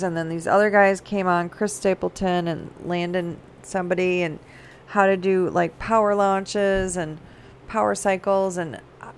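A middle-aged woman talking casually in a rambling, animated way, often laughing. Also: mid-range voice, a little hiss or hum. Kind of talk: casual personal chat.

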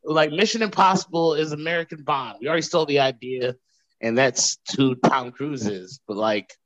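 A man's voice: on the high side, normal speed, fairly bright tone, no room sound, muffled recording. A young man co-hosting a podcast, arguing his opinions casually with curse words and restarts. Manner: opinionated, profane, hesitant restarts. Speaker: podcast co-host. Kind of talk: casual chat.

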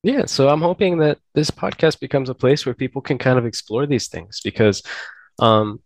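A man's voice: mid-range voice, animated, normal speed, no echo. A man hosting a podcast in a casual discussion, talking earnestly and bluntly and often correcting himself as he goes. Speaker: podcast host.

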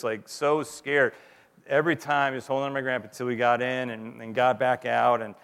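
Gravelly-voiced pastor in a reverberant church. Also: male voice, mid-range voice, fairly bright tone. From United States. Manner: earnest storytelling, repeating words as he goes. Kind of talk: sermon with a closing prayer.

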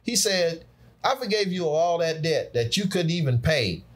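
A man's voice: a little high, lively intonation, moderate pace. A man, teaching on scripture in an emphatic, preacherly conversational way. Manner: preacherly, emphatic, dialect speech, laughs along.

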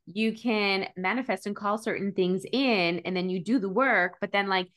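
A woman podcast host talking in a chatty, expressive way in a casual interview. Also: medium pitch, moderate pace.

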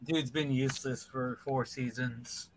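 A man's voice: mid-range voice, steady tone, unhurried, poor audio. A man co-hosting a podcast, making sarcastic jokes in casual chat over headphones on a call. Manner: joking, sarcastic. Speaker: podcast co-host.

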